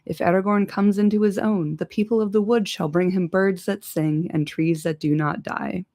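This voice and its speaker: A woman's voice: medium pitch, fairly even intonation, normal speed, dark tone, dry recording, close to an everyday voice. A woman voicing a graceful, courteous male elf lord in an amateur audiobook reading. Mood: earnest.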